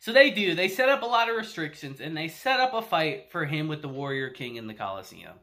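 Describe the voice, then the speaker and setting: Dude recapping an anime ep, laughs a lot, swears, bright lively voice. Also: male voice, a little high, fairly quick. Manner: laughs often, swears, tells the story with quoted voices. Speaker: anime reviewer. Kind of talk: casual video review.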